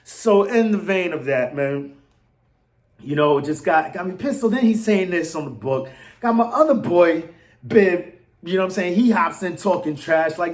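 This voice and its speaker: Excitable man ranting about his team. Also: high-pitched, normal speed. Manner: excitable, swings from mutters to loud outbursts. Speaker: fan channel host. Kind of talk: animated fan rant to camera.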